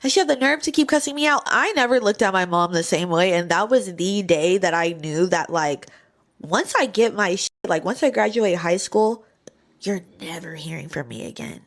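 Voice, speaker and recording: A young woman telling a personal story in a casual, animated way, acting out the voices of the people in it. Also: fairly low pitch, moderate pace. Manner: animated, acts out voices in quotes.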